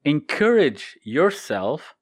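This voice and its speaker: A man's voice: a little high, very animated, takes it slowly. A man giving a motivational talk, explaining things step by step and repeating his key points. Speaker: motivational speaker.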